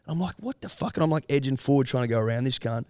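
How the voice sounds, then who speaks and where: A young Australian man co-hosting a podcast, spinning a long sweary story with plenty of quoted voices. His pitch sits in the middle and the sound is dry and close. He talks casually and lets the story tumble out. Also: very fast, a little mellow, clear, resonant tone, dry recording. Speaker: podcast co-host.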